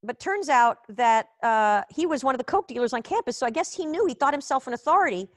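A woman's voice: high-pitched, expressive, quick pace, no room sound. A woman from Israel hosting a live online comedy show from home over a video call, rambling in a chatty, profane, self-mocking way. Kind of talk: casual rambling stand-up chat.

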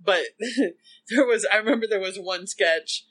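A woman in casual chat who laughs easily and likes to explain things. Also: mid-range voice. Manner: chatty, laughs often, quick to explain.

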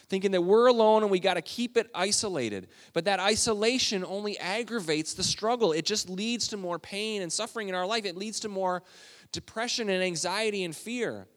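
A man's voice: high voice, expressive, a little fast, big-room sound. A man preaching a sermon as a pastor, in an earnest, conversational way that builds to urgency.

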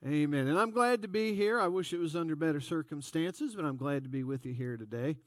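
A man's voice: on the high side, fairly quick, no echo, clean studio sound. A man preaching a sermon in a folksy, conversational storytelling way. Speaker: pastor.

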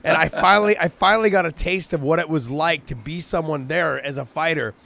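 A man chatting as co-host, circling back on his points with frequent restarts and casual swearing. His voice is a bit high for a man. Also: brisk, vocal fry, pushed and bright. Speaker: co-host, fighter. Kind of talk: casual chat.

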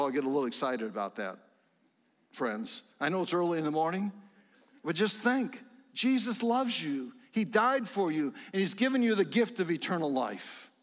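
A middle-aged man preaching a sermon in a church sanctuary, fervent and rising to excited exclamations. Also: fairly high pitch, long reverb tail. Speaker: pastor.

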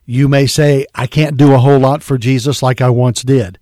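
A man's voice: mid-range voice, flat delivery, moderate pace, dark tone, no room sound, studio quality. A man preaching a sermon, reading scripture aloud and calling his listeners folks. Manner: earnest preaching, reads scripture in King James wording; addresses listeners as folks and believer.

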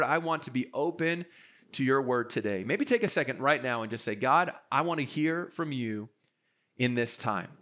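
A man's voice: on the high side, fairly bright tone. A man who is a pastor, preaching an earnest, encouraging sermon to a live-streamed congregation in a conversational way. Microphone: streamed sermon to an online audience.

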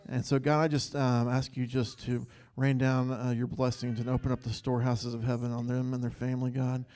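A man's voice: medium pitch, level tone, fairly quick, a little mellow. A man leading an earnest spontaneous prayer in church, saying God between phrases, with hesitant ums. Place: church sanctuary.

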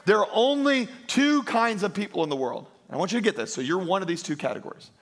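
A man preaching a sermon as pastor, emphatic, slowing and lifting his voice on key lines. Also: high-pitched, expressive. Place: church.

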